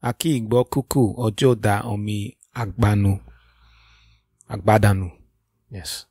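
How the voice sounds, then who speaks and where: A man's voice: fairly low pitch, steady tone, a little slow, darkish tone, husky, dry recording, clean studio sound. A man co-hosting a podcast in casual chat, laid-back and drawling. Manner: laid-back, drawling, says yes repeatedly. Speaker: podcast co-host.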